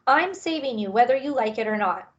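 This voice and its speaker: A woman's voice: on the high side, expressive, brisk, highs cut off, pitched above the performer's own voice, lightly acted. A woman voicing a brave, scrappy male dog who urges his sister to climb on his back. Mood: urgent. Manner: urgent, pleading.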